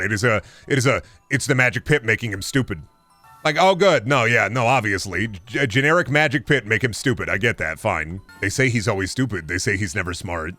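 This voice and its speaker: A man's voice: medium pitch, lively intonation, brisk, pushed and bright, no room sound, soft background music. A man streaming, chatting casually in a rambling, profane, sarcastic way.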